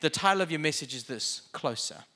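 A man's voice: fairly high pitch, lively intonation, a little fast, sharp tone. A man preaching a sermon in a conversational way, with joking asides.

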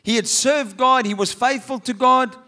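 A man's voice: very high-pitched, moderate pace, sharp tone. A man preaching a sermon, reading scripture and asking rhetorical questions with humorous asides. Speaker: pastor.

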